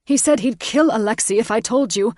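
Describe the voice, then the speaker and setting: A woman's voice: a little high, a little fast, darkish tone, no room sound, voice pushed up, close to an everyday voice. A terrified father, as a woman narrator plays him pleads his case in a strained, desperate voice. The recording is dry and close. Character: frightened dragon-shifter father, pleading.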